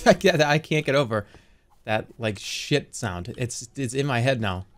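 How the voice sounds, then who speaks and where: A man in his thirties streaming a game live, talking in an animated, rambling and profane way. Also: medium pitch, a little slow. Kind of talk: live gameplay commentary.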